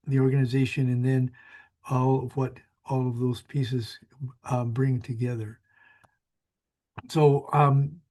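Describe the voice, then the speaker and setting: A man's voice: medium pitch, darkish tone. A man in his sixties, a small business advisor, giving a friendly, rambling webinar presentation with many fillers.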